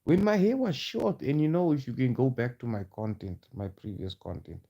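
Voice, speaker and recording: Heated man, dark-toned. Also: medium pitch, expressive, normal speed, gravelly, few pauses, highs cut off. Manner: heated, challenging, rhetorical questions. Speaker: vlogger. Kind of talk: confrontational rant to camera.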